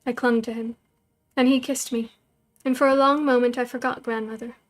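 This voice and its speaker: A woman storyteller reading a novel aloud, in measured, even first-person narration. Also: on the high side.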